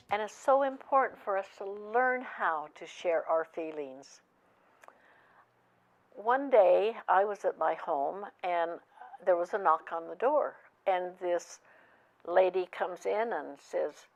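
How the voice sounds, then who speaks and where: A woman's voice: lowish voice, expressive, soft background music. An older woman giving a storytelling lesson about feelings, in an earnest manner as a family counselor. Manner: slow, earnest, retelling with quoted dialogue.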